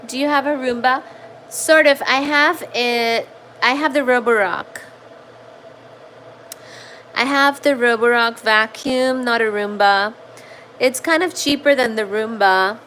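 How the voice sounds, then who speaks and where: Woman, high voice, unhurried, casual home livestream, chatty, coos at her cat. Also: fairly bright tone, a little hiss or hum. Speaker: livestream host reading chat.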